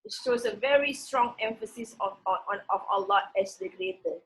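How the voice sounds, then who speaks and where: A woman's voice: a little high, low-quality recording. Woman teaching a Quran passage. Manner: slow, stressed recitation of Arabic words with many restarts.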